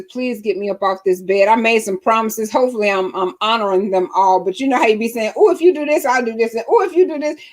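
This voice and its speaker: A woman hosting a live-stream talk show, chatting casually in a lively, laughing, preacher-like way. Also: fairly high pitch. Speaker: host.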